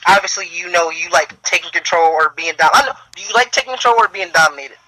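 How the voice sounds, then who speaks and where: A man's voice: high voice, quick pace, pushed and bright, rough recording. A man co-hosting a podcast, asking blunt questions in a joking way and tripping over his words. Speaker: podcast co-host. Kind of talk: casual interview chat.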